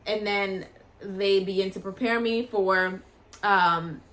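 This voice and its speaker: A woman vlogger casually telling a personal story in a chatty, animated way, acting out what people said. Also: medium pitch, slow. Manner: chatty and animated, acts out quoted voices.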